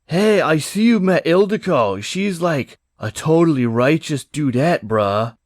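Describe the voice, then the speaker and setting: A man's voice: fairly high pitch, lively intonation, measured pace, no room sound, clean studio sound. A man doing a spacey surfer-bro teen prince. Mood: laid-back. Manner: drawling slangy valley-dude talk.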